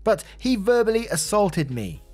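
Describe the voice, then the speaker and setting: A man voicing a shrill, entitled middle-aged mother with a thick Southern accent, high-pitched, accusing and self-pitying in a narrated story. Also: big pitch swings, moderate pace, slightly rough, faint music behind, full character voice. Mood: whiny. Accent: thick Southern US (as put on).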